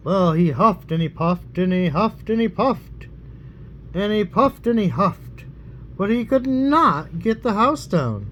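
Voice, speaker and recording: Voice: medium pitch, expressive, takes it slowly, a bit bright, a little hiss or hum. An adult reading a fairy tale aloud to a child at home, in a playful, teasing storytelling manner. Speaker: bedtime story reader.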